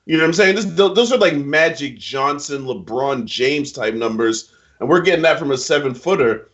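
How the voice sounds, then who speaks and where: Animated and fairly bright in tone, this NBA picks co-host talks basketball casually at a moderate pace, offering emphatic opinions full of slang. The recording sounds muffled and low-fi.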